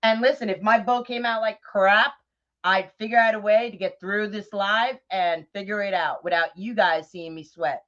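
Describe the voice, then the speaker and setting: Woman, middle-aged, livestream host; casual and chatty, mid pitch, muffled sound. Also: steady tone, normal speed, a bit bright. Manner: chatty, laughs often, greets viewers by name. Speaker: livestream host of a bow-making craft show. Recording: dull lo-fi livestream audio.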